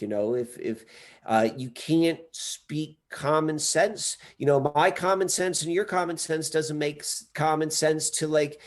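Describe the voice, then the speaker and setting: Podcast guest: man with a slightly high voice, rambling and earnest, casual chat. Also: a little mellow. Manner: rambling, frequent restarts, earnest. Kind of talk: casual conversation.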